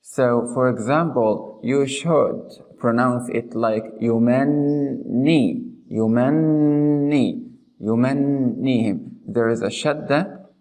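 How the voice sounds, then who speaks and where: A man teaching how to pronounce letters, speaking slowly and deliberately, repeating example words and checking in with "okay?". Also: mid-range voice, low-quality recording. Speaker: Quran recitation teacher. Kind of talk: slow explanatory lesson.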